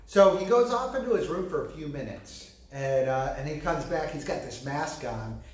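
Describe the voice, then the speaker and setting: Man, pastor, earnest sermon, fairly high voice, echoey room. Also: lively intonation, normal speed. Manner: earnest, gentle storytelling with many fillers.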